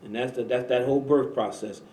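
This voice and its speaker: Man, religious talk host, emphatic preaching, repeats phrases, middle pitch, echoey room. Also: fairly even intonation, fairly quick, mellow. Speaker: imam and show host. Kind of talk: religious talk radio conversation.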